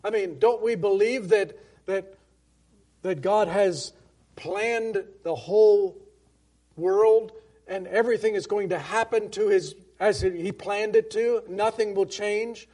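A man with a fairly high voice leads a Bible-study sermon. He talks in a loose, conversational way, often restarting his sentences and asking the congregation questions. When he reads old scripture aloud, he slows down and leans on the words. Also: darkish tone. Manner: reads King James scripture slowly and emphatically. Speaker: preacher.

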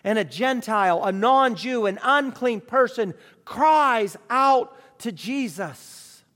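A man's voice: very high-pitched, animated, slow, a bit bright. A man preaching a sermon with emphatic rhetorical questions. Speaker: pastor. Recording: long reverb of a large hall.

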